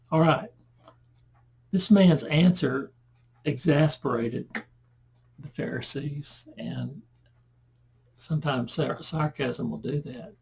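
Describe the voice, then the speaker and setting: A man giving a verse-by-verse Bible lesson in a conversational manner. He reads the scripture louder and breaks into chatty asides. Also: mid-range voice, creaky, slightly rough. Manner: conversational, loud when reading scripture aloud, asides and self-corrections. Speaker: Bible teacher.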